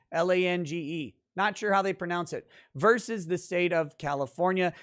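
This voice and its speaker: A male lawyer in a casual commentary video, talking through a court decision in a conversational, emphatic way. His voice sits a little higher than most men's, and he stops now and then to think aloud over the text. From central Minnesota, United States. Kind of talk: legal commentary.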